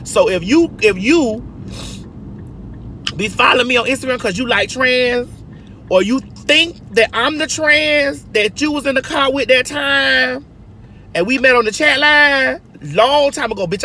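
A woman in her forties with a high, bright, forceful voice spins a sassy story for her viewers. She talks into her phone from inside a moving car, with faint road hum underneath. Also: moderate pace. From Georgia, US. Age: 40s. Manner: sassy, chatty, addresses viewers as girl and honey. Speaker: livestream host. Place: inside a car while driving. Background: car and road noise.

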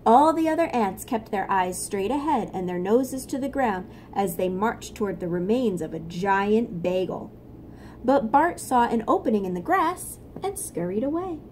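A woman reading a picture book aloud to young children, gently stopping to explain things. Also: mid-range voice, lively intonation, moderate pace, slight background noise. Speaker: storyteller for children.

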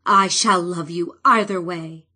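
A woman voicing a confident, loving young male king in an audiobook, steady and assured. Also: lowish voice, a little slow, breathy edge, heavily acted.

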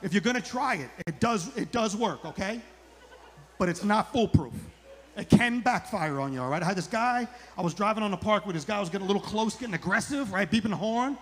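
A man's voice: high-pitched, lively intonation, a little fast, fairly bright tone. A middle-aged man doing a rambling stand-up comedy set on a club stage, repeating his lines for the punch.

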